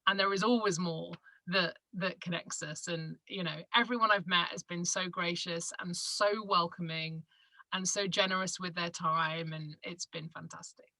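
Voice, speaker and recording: A woman's voice: lowish voice, normal speed, dry recording, rough recording. A woman from England with a Manchester accent, a podcaster and broadcaster chatting as an interview guest and acting out quoted lines as she tells stories. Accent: Northern English, Manchester. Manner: animated storyteller who acts out quotes with laughs. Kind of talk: casual interview chat.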